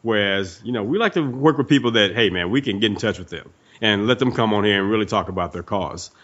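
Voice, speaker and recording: A man's voice: lowish voice, fast, a bit bright, highs cut off. A man co-hosting a podcast, talking in a loose conversational way with lots of "you know". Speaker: podcast co-host. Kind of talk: casual talk.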